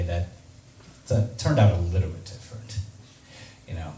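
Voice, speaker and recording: A man telling a story casually, full of "like" and "you know", acting out quoted people in a raised voice. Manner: animated, acts out quoted people in a higher voice. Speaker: public speaker telling his story. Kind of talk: storytelling talk. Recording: echoey room, distant mic, faint hum.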